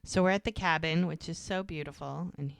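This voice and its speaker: Woman, low voice, podcast co-host, casual chat, acts out dialogue, dry close sound. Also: brisk, vocal fry, dry recording. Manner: animated retelling, acting out lines of dialogue. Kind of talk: casual chat recapping a TV episode.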